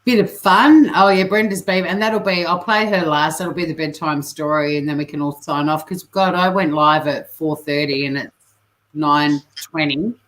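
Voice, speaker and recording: A woman's voice: low voice, fairly even intonation, normal speed, fairly bright tone, poor audio. A woman hosting a long livestream on a video call, chatting casually and laughing often. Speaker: livestream host.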